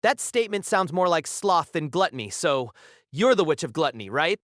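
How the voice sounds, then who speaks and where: Woman playing a wisecracking, nervous young guy for an audiobook, lowish and lively, dry close mic. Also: moderate pace, dry recording. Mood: wry. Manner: sarcastic, nervous quips. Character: anxious, wisecracking young man. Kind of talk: audiobook character voice.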